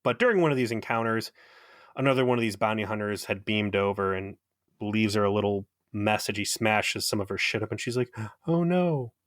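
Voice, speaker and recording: A man's voice: lowish voice, fairly quick, no echo, clean studio sound. Sarcastic profane podcast co-host, man. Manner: sarcastic, profane, animated retelling. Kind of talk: casual recap chat.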